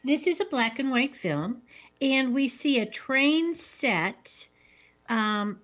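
Unhurried woman describing a film. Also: high-pitched, lively intonation, a bit bright, soft background music. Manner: unhurried, reacts briefly then describes scenes. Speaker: podcast co-host. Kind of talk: casual chat about an old film.

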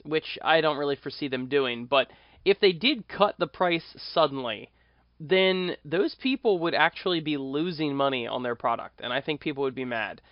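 A man's voice: a little high, dry recording, lo-fi sound. A man hosting a podcast, chatting casually and thinking aloud with fillers. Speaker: podcast host.

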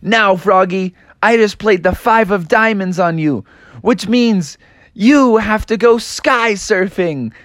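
A man's voice: high-pitched, takes it slowly, fairly bright tone, no echo, studio quality, pitched above the performer's own voice. A man voicing a boastful young male card player in a bedtime story, bossy and teasing.

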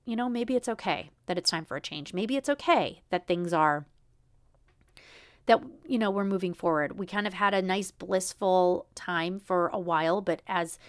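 A woman's voice: lowish voice, normal speed, no room sound, clean studio sound. A woman in her thirties hosting a solo podcast, venting in a frustrated way with many restarts. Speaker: podcast host.

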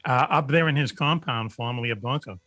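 A man's voice: medium pitch, a little fast, bright, forceful tone, a little hiss or hum. Joking male radio host. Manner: jokey, teasing introductions. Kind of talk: casual comedic banter. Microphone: video call.

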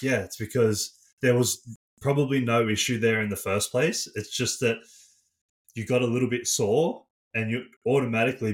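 A man co-hosting a casual podcast, relaxed and matter-of-fact, quoting a client's words and swearing casually. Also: lowish voice. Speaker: strength coach co-host.

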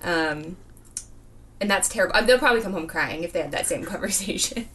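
A woman's voice: fairly low pitch, a bit bright. Laughing woman podcaster, heard from afar. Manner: laughs often, quick and chatty. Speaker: podcast co-host. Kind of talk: casual chat. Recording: distant mic with faint background noise.

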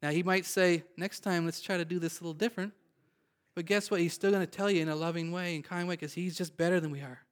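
A man's voice: high voice, steady tone, quick pace, smooth. A man preaching a sermon, calling out to his congregation with rising emphasis. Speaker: pastor.

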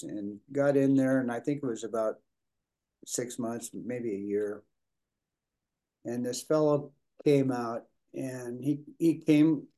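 An older priest talks through his answers in a mellow, warm voice at a middle pitch. He stops and restarts often, repeating words and filling gaps with "you know" and "uh". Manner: halting, repeats words, many fillers. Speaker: Episcopal priest, prison minister. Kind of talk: conversational interview answers.

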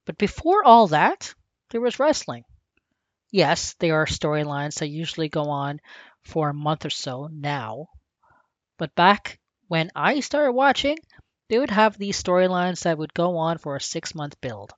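Podcast host from Canada, earnest reflective narration, middle pitch, dry close recording. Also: sing-song, unhurried, no echo, dull audio. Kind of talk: scripted narration.

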